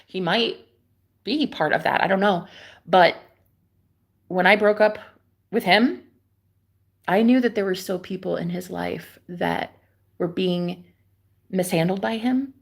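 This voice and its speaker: A young adult woman live streaming a rambling, confiding monologue, dropping to whispers and then rising to loud, profane exclamations. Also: on the low side, unhurried, creaky, pauses often. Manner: swings between hushed whispers and loud exclamations.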